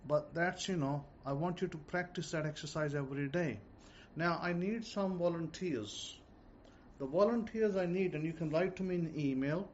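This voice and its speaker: Male religious teacher, informal and repetitive, slightly high voice, dull lo-fi audio. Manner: repetitive, slow and deliberate when dictating words. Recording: dull lo-fi audio with faint noise.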